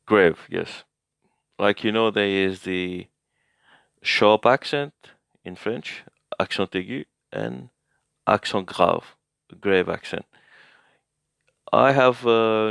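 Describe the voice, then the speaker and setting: A man's voice: low-pitched, creaky, a bit bright, smooth, no echo, clean studio sound. A man giving a casual language lesson recap, explaining hesitantly as he thinks aloud and corrects himself. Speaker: language learner teaching a recap.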